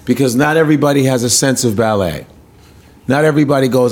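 A standup comedian, chatting casually on a podcast, animated and profane, acting out hecklers. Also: male voice, medium pitch, fast. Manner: animated, profane, acts out hecklers in funny voices.

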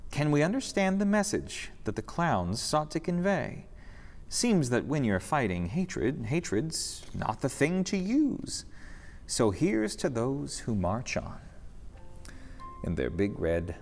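A man reading a rhyming story aloud during a church service, expressive and sing-song, in a reverberant sanctuary. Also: a little high, unhurried, vocal fry.

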